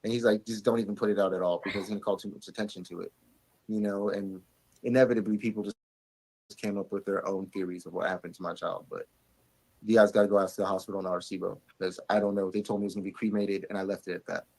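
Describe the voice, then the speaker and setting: A man with a low voice recounts events in an interview. He talks very fast, in one unbroken stream. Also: fairly even intonation, darkish tone, husky, poor audio.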